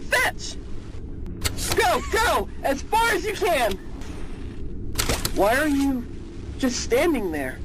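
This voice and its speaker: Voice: high voice, huge pitch swings, slow, pauses often, heavily acted. A fan performer voicing a hostile cartoon dog creature giving orders. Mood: cold. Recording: loud background noise.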